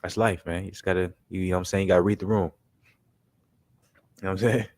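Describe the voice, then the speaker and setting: A man's voice: low voice, flat delivery, darkish tone, no room sound. A young man hosting a live stream, chatting casually in slang and talking through made-up scenarios for his chat. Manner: laid-back, slangy, keeps saying "you know what I'm saying" and "man"; talks through made-up scenarios, voicing friends in quick quotes. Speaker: livestream basketball commentary host.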